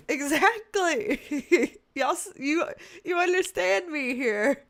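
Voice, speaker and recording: Her voice is high, animated, and slow as this thirtysomething tarot livestream host reads out comments. She chats casually, laughing frequently with an exasperated sense of humor.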